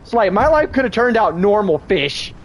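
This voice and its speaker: A man's voice: high voice, very animated, measured pace, low-quality recording. A young man in casual chat while streaming a game, rambling, crude and laughing often. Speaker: gaming streamer.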